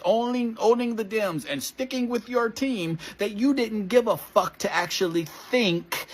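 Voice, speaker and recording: A woman's voice: fairly high pitch, breathy edge. A woman delivering an angry, profane social media rant, blunt and accusatory.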